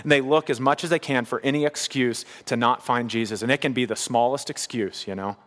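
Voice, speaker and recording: A man delivers a sermon in an earnest, steady voice, hammering home key phrases by repeating them. His voice sits in the middle range for a man. A long reverb tail trails each phrase, as in a large church hall. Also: medium pitch, a little fast. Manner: earnest, building to emphatic repetition. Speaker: pastor.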